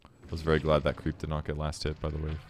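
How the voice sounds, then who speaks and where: A man giving casual replay commentary on his own game, relaxed and self-critical as he explains his choices. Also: rumbling low, quick pace, slight background noise.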